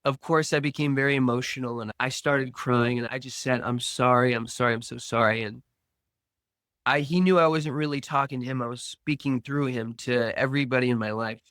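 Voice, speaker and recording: Earnest man slowly telling a story. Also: medium pitch, fairly even intonation, fairly bright tone, clear, resonant tone, no room sound. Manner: earnest, slow storytelling with reenacted dialogue. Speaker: podcast guest. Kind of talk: personal recovery story.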